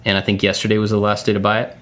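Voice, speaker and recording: A middle-aged man chats casually as a podcast co-host. His voice sits a little low, and he rambles through stories with fillers and easy laughter. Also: monotone, very fast, a bit bright. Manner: chatty storyteller, frequent fillers and laughs. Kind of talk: casual chat.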